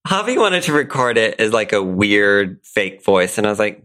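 A man co-hosting a podcast, recapping a sitcom episode in casual, animated chat and laughing often. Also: on the low side, normal speed. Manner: animated storytelling, frequent laughs. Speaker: podcast co-host.

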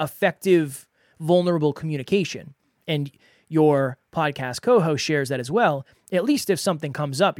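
A man hosts a solo podcast, speaking earnestly and conversationally and circling back to repeat his points. His voice sits a little high. The sound is dry and close, with no room echo. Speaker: podcast host. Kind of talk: solo podcast advice talk.

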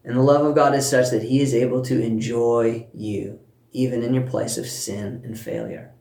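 A man preaching a sermon, telling a personal story with warmth and earnest emphasis, speaking to listeners at home. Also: medium pitch, fairly even intonation, normal speed, vocal fry, reverberant. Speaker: pastor.

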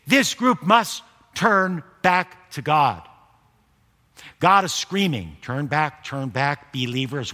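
An older man preaching a sermon with lively delivery, breaking into loud bursts and acting out the people in his stories. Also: a little high. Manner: animated preaching, acting out quotes with sudden shouted bursts. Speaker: pastor. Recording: echoey hall reverb.

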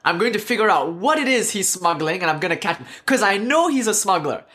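A man's voice: high voice, animated, fairly quick, bright, forceful tone. A man putting on an insistent old border guard. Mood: determined. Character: suspicious male border guard, older.

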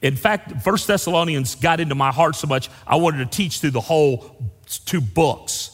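A man's voice: on the high side, moderate pace. A man, preaching a sermon as pastor in a folksy, storytelling way. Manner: folksy storytelling, varied emphasis. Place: large church sanctuary. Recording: long reverb of a church hall.

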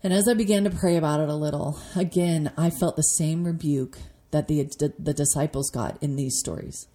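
A woman in her forties speaks earnestly, sharing scripture and her own story with a fairly low, mellow tone. Her voice rises and softens when she is moved. It is a devotional talk from a podcast host. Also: fairly quick. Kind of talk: devotional teaching and personal story.

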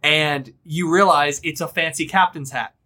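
A man narrating a tabletop game as game master, casual and unhurried. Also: a little high, pushed and bright. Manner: casual, unhurried, laughs easily.

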